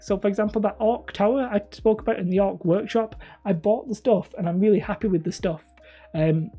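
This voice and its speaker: This livestream host speaks in a medium-pitched, warm voice with a breathy edge. She's a woman with a northern English accent who chats casually with her viewers, rambling and making self-deprecating remarks.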